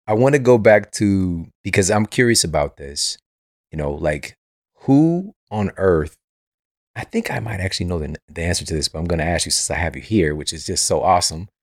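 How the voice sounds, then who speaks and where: Deep-voiced man hosting a casual chat. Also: animated, moderate pace, no room sound, studio quality. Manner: eager, rambling questions with many fillers. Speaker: podcast host.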